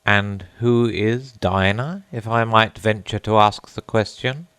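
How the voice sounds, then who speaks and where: A man voicing a polite, wistful Lory bird that speaks slowly and courteously, in a storybook. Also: lowish voice, fairly bright tone, clean tone, no echo, voice pushed up.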